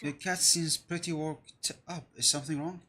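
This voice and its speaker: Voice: medium pitch, fairly even intonation, normal speed, sharp tone, slight background noise, lightly acted. A reader voicing an anxious, polite young woman who talks hesitantly and apologetically in a fan reading of game dialogue. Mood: uneasy.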